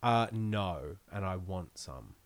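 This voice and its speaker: A man's voice: low voice, expressive, takes it slowly, no room sound. A young man chatting as a podcast guest, laughing often, rambling and swearing freely. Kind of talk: casual interview chat.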